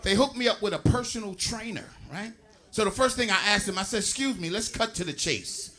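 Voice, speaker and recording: A man performing a stand-up comedy set, working the crowd in an animated, chatty way. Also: high-pitched, brisk. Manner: animated, crowd-working, frequent "you know what I'm saying". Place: live comedy venue with audience. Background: audience laughter.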